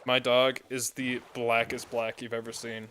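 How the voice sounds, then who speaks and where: A man's voice: medium pitch, completely flat delivery, measured pace, pushed and bright, slight background noise. A man chatting casually while playing a building game, rambling through side stories with plenty of fillers. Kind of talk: casual gameplay chat.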